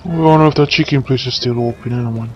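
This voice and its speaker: A man's voice: fast talker, lo-fi sound, slight background noise. A man with a Jamaican accent muttering and cursing through a comedic game skit voice-over. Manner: muttering, swears a lot, panics into high yelling. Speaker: skit narrator and game character.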